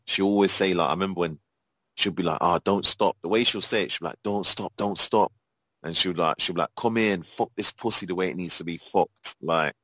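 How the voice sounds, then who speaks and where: A man's voice: low voice, a bit bright, no room sound, rough recording. A man from Europe answering interview questions in a casual, rambling way, with many fillers and restarts and blunt, profane talk. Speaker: guest, adult performer.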